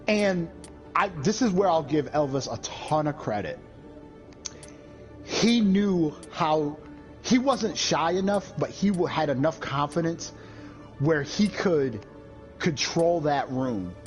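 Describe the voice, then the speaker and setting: A man whose voice is on the high side talks slowly and casually on a gaming stream. He's profane and animated, cursing a lot and imitating the people in his stories, over dull lo-fi stream audio with faint game music.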